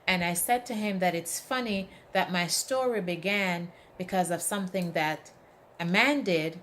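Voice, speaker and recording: A woman on the low side, talking at a moderate pace over a slight hiss or hum, gives a motivational talk. Emphatic and animated, she keeps asking the audience "right?" and performs the quotes in her stories.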